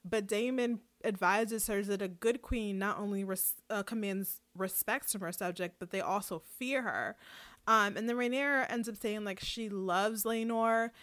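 A woman's voice: mid-range voice, normal speed. Woman casually summarizing a TV episode. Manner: steady summarizing with fillers, mock-quotes characters. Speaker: co-host. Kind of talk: casual TV recap and plot summary.

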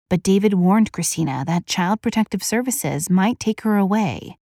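A woman hosting a true crime podcast, reading a scripted account in a steady, even delivery. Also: lowish voice, dry recording, studio quality.

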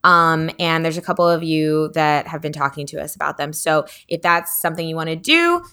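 A woman's voice: deep voice, animated, fairly quick, pushed and bright, clean tone. A woman hosting a podcast in casual, rambling chat with a Southern accent. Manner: chatty, rambling with fillers. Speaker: podcast host.

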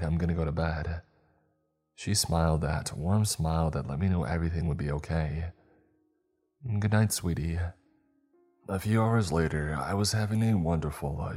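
Very deep, husky male horror narrator. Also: a little mellow. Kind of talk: scripted first-person horror narration.

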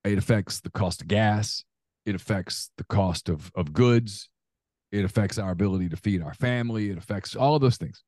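A man's voice: lowish voice, moderate pace, a little mellow, no room sound, studio quality. A man co-hosting a podcast, ranting in heated casual chat and stumbling over repeated words as he gets worked up. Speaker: podcast co-host.

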